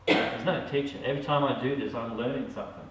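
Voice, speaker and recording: A man's voice: mid-range voice, fairly even intonation, quick pace, background noise. A man, a psychic medium, talking casually to a group and often checking in with "all right?". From Australia. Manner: conversational, keeps asking "all right?". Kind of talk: casual talk to a small group. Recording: echoey room, mic far off.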